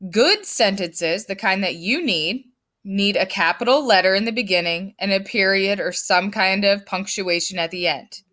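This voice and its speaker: A woman's voice: mid-range voice, normal speed, sharp tone. A woman teaching her fifth grade class in a recorded lesson, firm and emphatic as she explains step by step.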